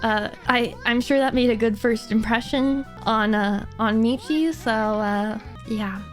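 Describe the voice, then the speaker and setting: Young woman streamer, chatty and giggly, slightly high voice over faint background music. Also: a little slow. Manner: chatty and giggly, heavy on fillers. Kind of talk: casual chat with viewers.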